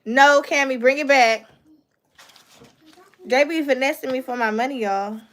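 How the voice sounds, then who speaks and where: A high-pitched woman chats loosely into her phone during a livestream. She laughs often and keeps turning aside to talk to her kids. Her talk is loose and playful, full of fillers. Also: unhurried, fairly bright tone. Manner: laughs often, chatty, talks to her kids between remarks. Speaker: vlogger and mother. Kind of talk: casual chat to a livestream.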